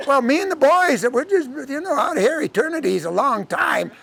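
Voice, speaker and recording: A man doing a cheeky high-pitched rascal. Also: lively intonation, a little fast, gravelly, a bit bright, exaggerated voice. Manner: wheedling, cheeky. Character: mischievous cheeky male card-playing saint.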